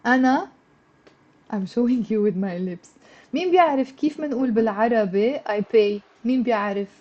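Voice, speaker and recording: A woman teaching a live online language lesson, slowing down and repeating words so her students can follow, then coaxing them to answer. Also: a little high, expressive, warm tone, lo-fi sound. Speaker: Arabic teacher.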